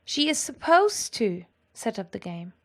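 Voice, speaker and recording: A woman teaching a grammar lesson in a clear, patient, explanatory way. Her voice sits a little high. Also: very animated, unhurried. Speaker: language teacher.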